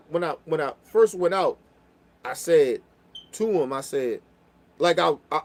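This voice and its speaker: A young man telling a story in casual chat, profane and animated, getting loud when riled up. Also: a little high. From Baltimore.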